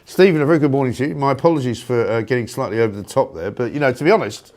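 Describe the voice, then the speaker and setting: A middle-aged man, hosting a talk show and ranting with indignant sarcasm and loud rhetorical questions. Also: mid-range voice, racing. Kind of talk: opinionated ranting monologue.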